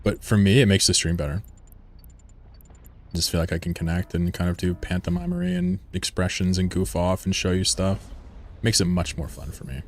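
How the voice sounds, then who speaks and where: A man's voice: low-pitched, big pitch swings, fairly quick. A man chatting casually on a live game stream, rambling, joking and swearing freely while he plays.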